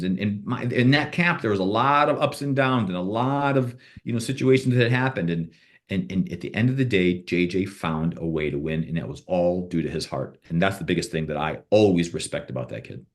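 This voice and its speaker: A man's voice: fairly low pitch, lively intonation, fairly quick. A man being interviewed on a podcast as a boxing manager, telling rambling stories with restarts and quoted back-and-forth dialogue.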